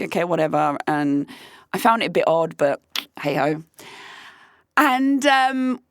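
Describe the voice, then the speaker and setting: A woman hosts a podcast in a studio-quality recording with no echo, her voice medium in pitch. She tells a personal story candidly and profanely, staying animated and laughing between lines.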